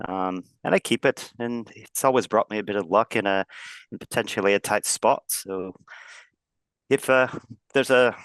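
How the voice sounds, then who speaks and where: A man voicing a gentle character from a whaling family, halting and earnest. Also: fairly low pitch, clear, resonant tone, no room sound, natural voice, rough recording. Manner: halting, earnest, full of restarts.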